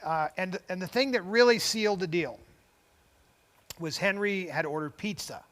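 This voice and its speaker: An older man with a high-pitched voice spins a long story in easy conversation. He wanders into tangents, restarts his sentences and chuckles along the way as a talk-show co-host. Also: lively intonation, moderate pace, a bit bright. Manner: rambling, goes off on tangents with frequent restarts; chuckles between phrases. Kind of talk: casual storytelling chat.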